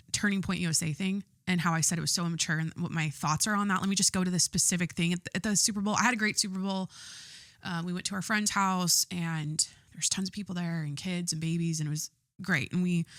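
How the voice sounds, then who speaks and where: Young woman, solo podcast host, lowish voice, blunt and sweary, slightly stuffy with a cold, dry close sound. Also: steady tone, a little fast, a bit bright, no echo. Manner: candid and profane, lots of fillers. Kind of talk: casual solo podcast monologue.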